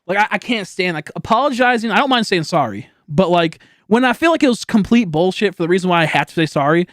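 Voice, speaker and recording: A man's voice: high-pitched, animated, quick pace, a bit bright, dry recording, clean studio sound. A young man streaming, telling a story in a rambling, casual way with lots of swearing and laughter. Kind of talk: casual livestream chat.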